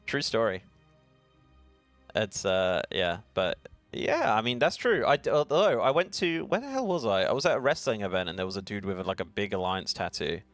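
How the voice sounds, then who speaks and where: Australian stream co-host, young man, animated delivery with a gravelly edge, jokey. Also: lowish voice, moderate pace, no echo, soft background music. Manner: playful, chatty, laughs often. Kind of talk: casual live-stream chat.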